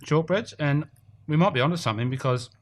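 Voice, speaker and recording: A man's voice: a little high, fast talker. Chatty man hosting a podcast. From Australia. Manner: chatty, rambling with fillers. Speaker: podcast host. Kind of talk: casual podcast chat. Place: indoor golf simulator studio.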